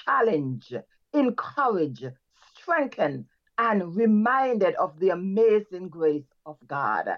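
A woman's voice: medium pitch, big pitch swings, takes it slowly, lo-fi sound. A woman leading the close of a church service, fervently exhorting the congregation and repeating praise phrases between lines. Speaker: worship leader closing a church service. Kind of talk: closing prayer and exhortation.

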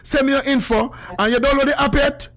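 A man hosting a call-in radio show, talking in an animated, teasing way with bursts of loud laughter. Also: very high voice, fairly quick.

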